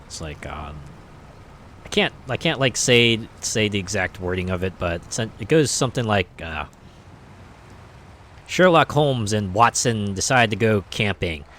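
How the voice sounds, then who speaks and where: A man's voice: fairly low pitch, sing-song, unhurried, fairly bright tone, slight background noise. A man streaming a game, chatting casually in a rambling, hesitant way with many fillers. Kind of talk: casual chat while playing.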